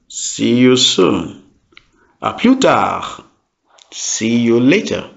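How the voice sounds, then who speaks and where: A middle-aged man gives a beginners' language lesson, pacing each phrase very slowly and repeating it with care. His voice carries a gravelly edge and rises and falls in lively swings. The recording sounds dull and lo-fi. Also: mid-range voice. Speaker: French teacher.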